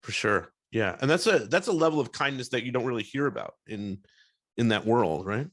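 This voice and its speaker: A man's voice: medium pitch, expressive, a bit bright. A man hosting a casual interview, agreeing readily and asking his guest questions. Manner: encouraging, quick agreeing responses. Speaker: podcast host.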